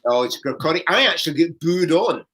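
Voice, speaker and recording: A Scottish man from Edinburgh, a comedian host, telling a lively story in casual chat. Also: fairly high pitch, brisk. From Edinburgh, Scotland. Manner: lively, laughing anecdote telling.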